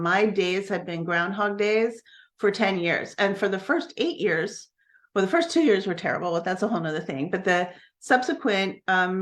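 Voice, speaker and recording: A woman who coaches network marketers, telling a personal story on a live stream in a candid, earnest way, often restarting her sentences. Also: medium pitch.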